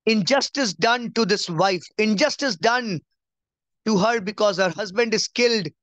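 Speaking a little slowly, this man teaches scripture in a conversational way, though the dry recording has its highs cut off. He's an emphatic preacher who repeats key phrases and at times sinks into a soft, low voice.

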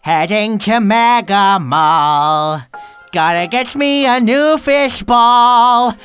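A man voicing a friendly, goofy male sea monster who shouts eagerly in a game machinima. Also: high-pitched, lively intonation, extremely slow, faint music behind, exaggerated voice. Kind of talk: game machinima role-play.

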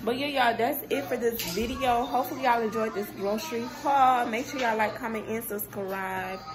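A woman's voice: on the high side, normal speed. Lady vlogging her groceries, talks right to the camera, bit stuffy from a cold. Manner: chatty, talks straight to viewers, says y'all a lot. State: sick with a sore throat and runny nose. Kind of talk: casual grocery haul chat.

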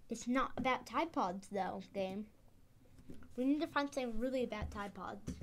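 A woman's voice: a little high, moderate pace, a little hiss or hum. Chatty young woman playing a game. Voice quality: slightly off speech from a dental expander. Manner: chatty, excitable, rambling with fillers. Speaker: gaming video host. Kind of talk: casual game commentary.

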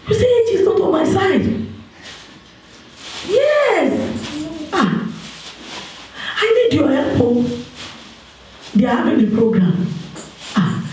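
A woman with a Nigerian accent playing a single woman desperate to marry, pleading and complaining on a phone call in a church stage drama, with bursts of shouting. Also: sits high, slight background noise, exaggerated voice. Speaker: stage actor. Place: stage in an echoey hall. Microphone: distant mic. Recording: echoey hall, distant microphone.

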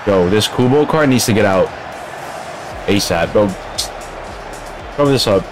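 A man's voice: fairly low pitch, lively intonation, unhurried, music in the background. A man streaming a game live, grumbling in casual slang and calling his listeners bro.

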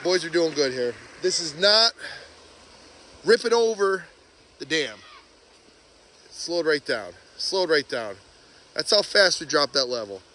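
A man vlogging outdoors by a pond, chatty and excited as he narrates while walking with a handheld phone. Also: fairly high pitch. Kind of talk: casual outdoor vlog commentary. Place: outdoors by a pond and beaver dam. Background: rushing water.

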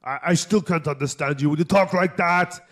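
A man voicing a calm, condescending male supervillain who calmly explains things over the phone. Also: fairly high pitch, brisk, natural voice. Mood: patient. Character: calm cold-themed male supervillain, patient friend. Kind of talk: comedy phone sketch.

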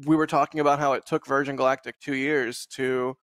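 A man's voice: mid-range voice, a little fast, smooth, dry recording. A man hosts a casual live stream, rambling easily and laughing as he goes. His voice sits in a middle range, and the sound is dry and close, as over a video call. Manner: relaxed, rambling, laughs often. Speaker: host.

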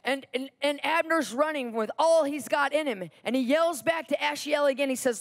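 Woman preacher with a fairly high voice who drives home a sermon story through repetition. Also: normal speed, vocal fry, few pauses. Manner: animated Bible storytelling with repetition.

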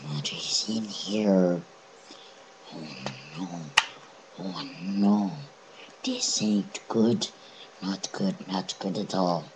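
A man's voice: deep voice, steady tone, drawn-out words, long pauses, background noise. A young man doing goofy, mock-dramatic commentary while playing a game, often dropping to a whisper. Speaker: gamer recording a video.

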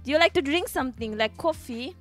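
A woman's voice: high voice, animated, brisk, a bit bright, soft background music. A young woman with an Indian accent, casually chatting and joking with her livestream viewers. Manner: playful, giggly, greets chat viewers. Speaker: livestream host. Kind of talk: casual stream chat.

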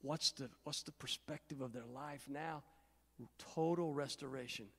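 A man's voice: a little high, normal speed, vocal fry, slightly rough, in a large hall. A middle-aged male pastor from Indiana preaching a sermon and telling stories, acting out the voices of the people in them. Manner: animated storytelling, acting out voices. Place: church sanctuary.

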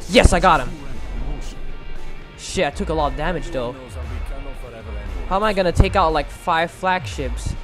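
A man giving excitable gameplay commentary, thinking aloud and swearing often. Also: fairly high pitch. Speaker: gamer playing a mech game. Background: background music.

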